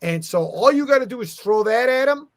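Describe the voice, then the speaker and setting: A middle-aged man telling stories in a casual chat, animated and profane, acting out quotes. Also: extremely high pitch, fairly quick, no room sound, studio quality. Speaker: guest, comic artist and art agent.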